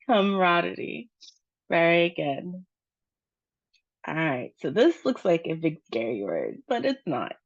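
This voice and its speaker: Slow, gravelly-voiced woman teacher. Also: sits low, huge pitch swings. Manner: drawn-out model words. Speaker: English pronunciation teacher. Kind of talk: slow, deliberate pronunciation lesson. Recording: dull, lo-fi recording.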